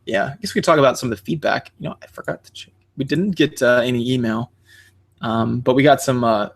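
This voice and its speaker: Man, quick talker, rambling podcast chat, lots of fillers, animated. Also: mid-range voice, vocal fry. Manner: rambling, many fillers and restarts; animated, jumps into quoting others. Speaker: podcast co-host. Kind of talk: casual chat.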